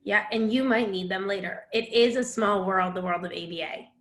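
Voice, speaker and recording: A woman's voice: mid-range voice, moderate pace. Frank, casual woman teaching, roomy sound. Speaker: instructor.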